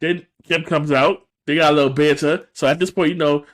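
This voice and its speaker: Brisk and slightly high-pitched, this podcast co-host runs through a TV episode in a relaxed recap. He gets animated, switching voices as he performs each character's lines.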